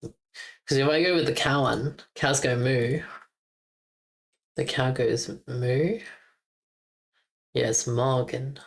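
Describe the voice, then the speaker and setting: With a mid-range voice, a steady tone, and some vocal fry, a streamer drills German pronunciation on a live stream. They slowly repeat words many times, chuckling and now and then swearing mildly.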